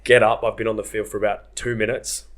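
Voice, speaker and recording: Young Australian man, low voice, animated slangy storyteller, podcast guest. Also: quick pace. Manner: animated, self-mocking, slangy. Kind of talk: casual storytelling.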